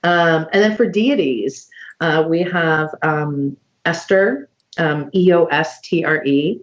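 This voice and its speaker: A deep-voiced woman hosts a casual online conversation over a video call, slowly listing items and using many fillers. She's a podcast host, and the sound is lo-fi.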